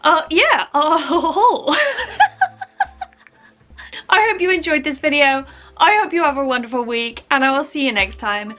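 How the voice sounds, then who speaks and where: A young woman chatting casually in her vlog, jumping into loud quoted film lines. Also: high-pitched, brisk, over loud music. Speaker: vlogger.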